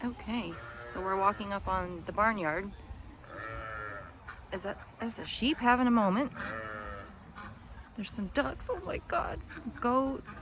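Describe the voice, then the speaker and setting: A young woman vlogging at an outdoor farm sanctuary, chatty and excitable, cooing at the animals. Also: medium pitch, unhurried, pauses often, noisy background. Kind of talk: casual vlog narration.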